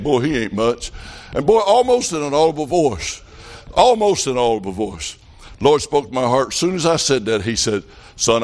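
A middle-aged man preaching a revival sermon, telling folksy stories that rise to fervent calls. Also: mid-range voice.

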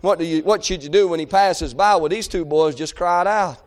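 A male preacher with a strikingly high-pitched voice delivers a fervent sermon. He swings from shouted calls to quiet, hushed readings of scripture. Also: brisk.

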